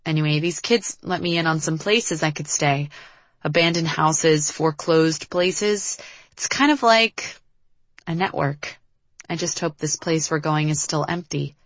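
A woman's voice: sits low, measured pace, dry recording. A woman voicing a young woman, a former runaway, speaking hesitantly and carefully. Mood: guarded.

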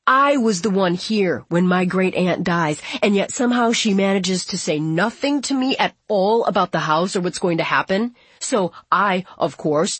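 A woman voicing an agitated young man, exasperated and restless, in a husky voice. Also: medium pitch, dry recording. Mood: frustrated.

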